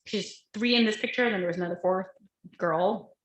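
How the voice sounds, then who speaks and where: A woman's voice: medium pitch, brisk, echoey room, low-quality recording. A woman giving a casual, chatty lecture with slides, full of fillers and asides. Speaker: guest lecturer.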